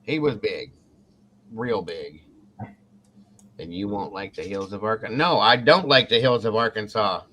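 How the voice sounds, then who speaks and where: A man's voice: lowish voice, unhurried, pauses often. A man from Ohio hosting a casual talk show, telling a story with swearing and acted-out quotes. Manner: animated, swears freely, acts out quotes. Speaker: podcast host.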